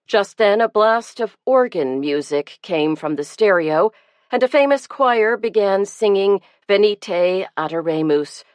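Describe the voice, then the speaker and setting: A woman narrating an audiobook in a measured, gentle storytelling manner. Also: mid-range voice, lively intonation, smooth, no echo. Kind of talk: scripted narration.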